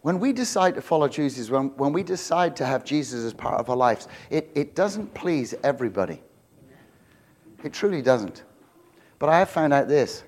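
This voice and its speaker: A man preaching a sermon as pastor. He gets loud and high on emphasis, drops low and quiet for stories, and restarts his words often. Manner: animated, loud and rising on emphasis, with many restarts.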